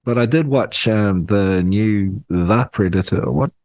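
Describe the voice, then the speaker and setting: A man co-hosting a podcast over a remote call, cracking deadpan absurd jokes with lots of fillers. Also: fairly low pitch, measured pace, no room sound. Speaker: podcast co-host. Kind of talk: casual podcast banter.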